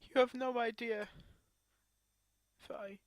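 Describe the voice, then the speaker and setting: A woman crying as she talks to her camera in a grieving personal vlog, her speech halting and broken by sobs and restarts. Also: a little high, fairly even intonation, dry recording. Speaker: vlogger.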